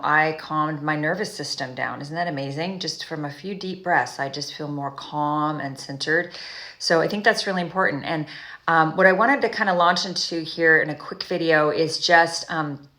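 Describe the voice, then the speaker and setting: A woman speaks as a recovery coach in a loose, conversational monologue, often doubling back and restarting her sentences. Her voice sits a little low but sounds bright and forward. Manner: rambling, self-correcting, frequent "you know" and "right?"; slow, soothing guided breathing. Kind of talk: casual advice monologue to camera.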